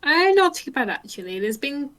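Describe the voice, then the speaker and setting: A woman's voice: sits high, normal speed. Dry, tipsy woman. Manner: relaxed, dry and slightly tipsy. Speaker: podcast co-host. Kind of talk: casual chat.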